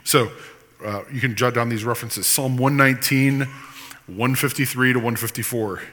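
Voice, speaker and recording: A male pastor preaching with a bright, forceful voice that swings from loud emphatic scripture to quieter explaining. His sermon rings out with a long hall reverb. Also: medium pitch, fairly even intonation, normal speed. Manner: impassioned preaching, reading scripture aloud with teaching asides.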